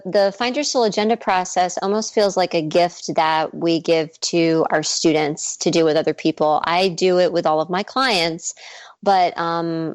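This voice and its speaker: Woman, coach and author, effusive, smiling tone, lowish voice, dry sound. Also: dry recording. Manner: enthusiastic, effusive, smiling as she talks. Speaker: guest, mindset coach and author. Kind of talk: radio interview.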